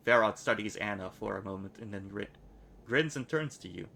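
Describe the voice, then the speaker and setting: A man streaming himself reading a video game's narration aloud, steady and plain, with casual asides. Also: fairly low pitch, a little fast, vocal fry.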